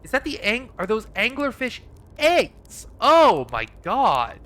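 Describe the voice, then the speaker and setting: A man hosting a blind let's play, excitably thinking aloud about his discoveries. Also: extremely high pitch, slow, slight background noise. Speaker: gaming channel host.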